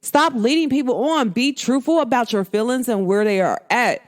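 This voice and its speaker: A woman's voice: a little high, moderate pace. A woman hosting a podcast, talking frankly to her listeners in casual slang and acting out bits of remembered dialogue. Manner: expressive, frank, slangy, acts out quoted dialogue. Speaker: podcast host. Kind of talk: candid monologue to listeners.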